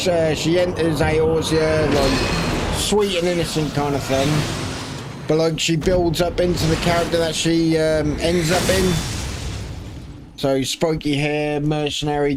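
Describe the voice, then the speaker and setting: A man's voice: a little high, noisy background. A man commentating casually over his gameplay, rambling and apologetic, and tired. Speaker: gaming streamer.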